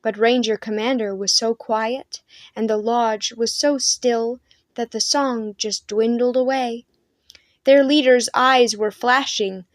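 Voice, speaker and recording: A woman storyteller reading a children's chapter book aloud in a gentle, expressive way. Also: a little high, slow. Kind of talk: storybook read-aloud narration.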